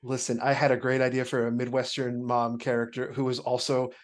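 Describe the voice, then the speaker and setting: Man, medium pitch, casual chat, laughs a lot, self-deprecating. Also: monotone, a little fast. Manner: laughs often, self-mocking. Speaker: tabletop game player.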